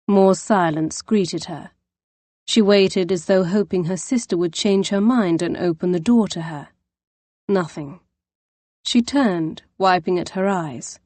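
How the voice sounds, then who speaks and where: A woman narrating an audiobook in a measured storytelling manner. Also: lowish voice, a little mellow, no room sound. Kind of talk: scripted narration.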